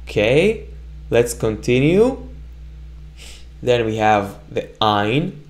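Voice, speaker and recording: Slow, lively male Hebrew teacher. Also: fairly high pitch. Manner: repeats sounds slowly for the learner to echo, often checks with "right?". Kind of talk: slow, patient language lesson.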